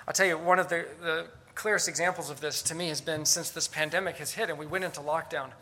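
A man preaching in an earnest, emphatic style. His voice sits high and sounds very bright and piercing. He often stops to ask the listeners rhetorical questions. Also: fairly even intonation, fast talker, few pauses. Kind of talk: sermon.

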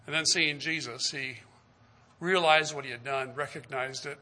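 A man's voice: mid-range voice, steady tone, normal speed, pushed and bright. A man preaching a sermon, retelling scripture stories and acting out their dialogue, with questions to the listeners. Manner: asks the listeners direct questions.

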